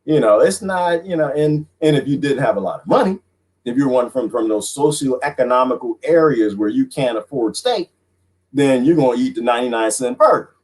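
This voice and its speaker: A man hosting a livestream who talks in an animated, mocking way, laughs often, and is losing his voice. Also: medium pitch, a little fast, breathy edge, low-quality recording. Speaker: livestream host reading viewer comments. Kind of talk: casual livestream monologue.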